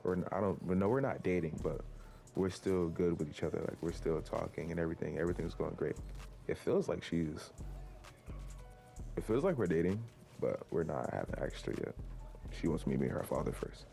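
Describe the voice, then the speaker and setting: Soft background music plays as a teenage guy vlogs, telling a rambling story about himself to his viewers in a low, creaky, warm voice at a slightly fast pace. It's casual storytelling to camera, full of "likes" and restarts.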